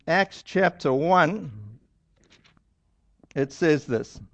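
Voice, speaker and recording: A man's voice: fairly high pitch, extremely slow, vocal fry. A man preaching a sermon in a casual, conversational storytelling manner, acting out the lines he quotes.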